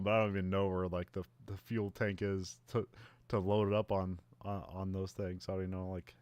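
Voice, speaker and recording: A man chats through a movie plot in a loose, rambling way, breaking into laughter often. His voice sits somewhat low. The sound is dry and close, with no room echo. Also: little pitch movement, a little fast, a little mellow, clear, resonant tone. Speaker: podcast co-host. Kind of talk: casual movie recap chat.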